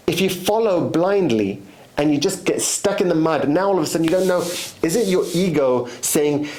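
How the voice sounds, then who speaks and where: A man's voice: a little high, darkish tone. A man giving a motivational monologue as host, emphatic and repetitive, often restarting his sentences.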